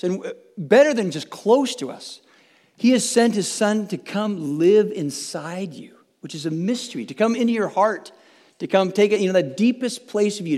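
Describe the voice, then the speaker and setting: A high-pitched male pastor gives an earnest, chatty sermon, circling back on his phrases and checking in with listeners. His voice rings out with a long reverb tail from a big church sanctuary. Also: darkish tone. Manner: earnest, chatty, with frequent restarts and tag questions. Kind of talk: conversational sermon. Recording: long reverb from a large hall.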